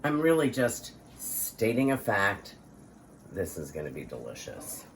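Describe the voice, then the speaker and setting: An older woman with an extremely low voice hosts a casual cooking demonstration in her home kitchen, her pitch swooping wildly as she talks a little slowly. She's playful and theatrical, making self-mocking boasts about her own skills. There's a bit of hiss or hum on the recording.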